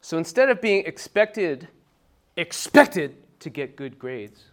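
Male pastor, sermon delivery, voice a bit on the high side, conversational asides, sudden loud emphatic bursts. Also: very animated, a little slow. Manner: emphatic, conversational preaching with frequent "right?" asides.

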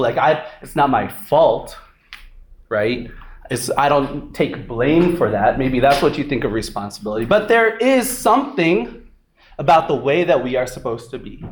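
A man preaching a sermon, praying and then telling a personal story in a conversational way, often adding "right?" to his sentences. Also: a little high. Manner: conversational, frequent "right?" asides; animated storytelling, acts out voices. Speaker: pastor.

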